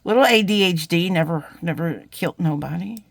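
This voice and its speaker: A woman's voice: lowish voice, fairly quick, vocal fry, no echo. Chatty lady doing a beading tutorial, rambles and loses her train of thought, dry close sound. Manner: chatty, rambling, easily sidetracked, friendly. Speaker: jewelry-making YouTuber. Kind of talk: casual crafting tutorial chat.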